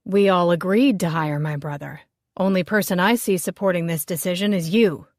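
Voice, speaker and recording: Stubborn, loud woman chef, a little higher than the reader's own voice, as the female narrator puts her on; dry, close sound. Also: moderate pace, dry recording, close to an everyday voice. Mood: combative. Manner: loud, insistent, sharp retorts. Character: fierce petite woman chef, bossy and stubborn.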